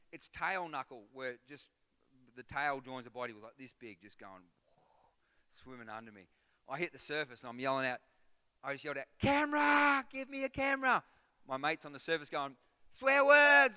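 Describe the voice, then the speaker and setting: Bright-voiced pastor preaching in a hall. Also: male voice, mid-range voice, clean tone. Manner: animated storytelling, builds to loud rhythmic exhortation. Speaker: guest pastor. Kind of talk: sermon with storytelling. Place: church auditorium. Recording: reverberant church hall.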